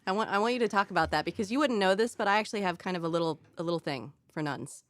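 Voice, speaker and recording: A woman's voice: medium pitch, very fast, no room sound. Playful woman radio host. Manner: playful, enthusiastic. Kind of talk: casual radio interview.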